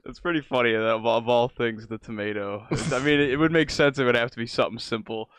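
A man's voice: mid-range voice, steady tone, quick pace, fairly bright tone, smooth, no echo. A man hosting a casual podcast interview, asking easygoing questions and laughing often. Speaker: podcast host.

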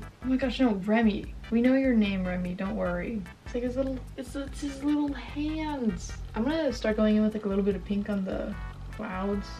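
A woman's voice: mid-range voice, a little mellow, distant mic, low-quality recording. Young female YouTuber, rambling self-mocking chatter, faint music underneath. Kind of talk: casual chat while painting.

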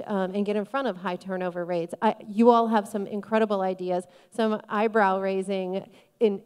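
Woman, panel moderator, lively, joking, smooth voice, hall echo. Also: mid-range voice. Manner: lively, quick to laugh and joke. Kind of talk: panel discussion. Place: conference hall. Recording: echoey conference hall.

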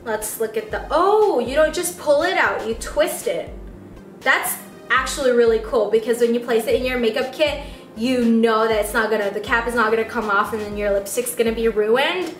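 A young woman with a high, squeaky voice gushes over each product in a chatty, excitable beauty vlog. Her voice rings in a roomy space and sounds a little distant from the mic. Faint music plays underneath. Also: normal speed. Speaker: beauty vlogger. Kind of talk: casual unboxing vlog.

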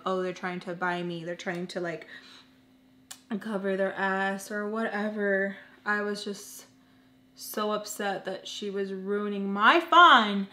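A woman's voice: mid-range voice, echoey room. A young woman telling an emotional personal story in a casual, earnest way, filling her talk with lots of "like"s. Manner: chatty, filler-heavy with many "like"s.

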